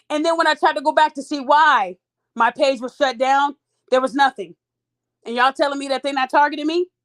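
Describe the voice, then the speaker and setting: A female podcast host with a high, bright voice tells her listeners a story. She's casual and animated, repeatedly addressing them as "y'all" along the way.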